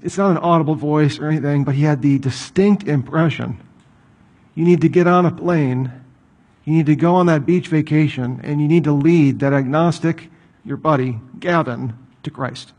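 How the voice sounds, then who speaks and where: A man's voice: a little high, normal speed, darkish tone. A middle-aged man preaching a sermon, telling stories in a conversational way and asking rhetorical questions. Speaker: pastor.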